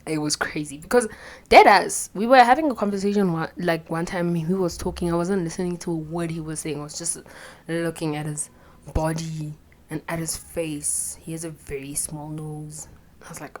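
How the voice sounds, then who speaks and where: A woman's voice: deep voice, fairly even intonation, moderate pace, a little hiss or hum. Blunt, profane young woman. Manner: blunt and profane, drops into whispered asides. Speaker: vlogger. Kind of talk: candid storytelling monologue.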